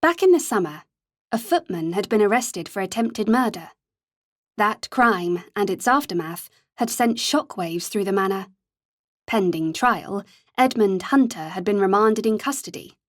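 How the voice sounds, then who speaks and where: A woman narrating an audiobook in a measured, steady storytelling manner. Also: medium pitch, no echo, clean studio sound.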